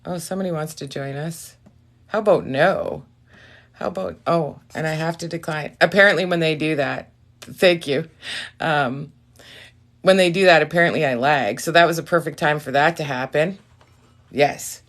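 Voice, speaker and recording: A woman's voice: sits low, normal speed. A woman doing a casual live tarot reading, chatty and easily sidetracked, often dropping into whispers and reassuring viewers. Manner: warm and reassuring toward viewers. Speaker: tarot reader on a live stream.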